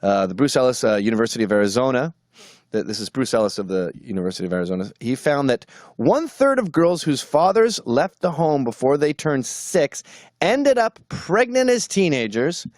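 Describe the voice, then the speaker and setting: A man's voice: medium pitch, sing-song, brisk, a little mellow, no room sound, studio quality. A man delivering a combative, sarcastic opinion monologue as a commentator.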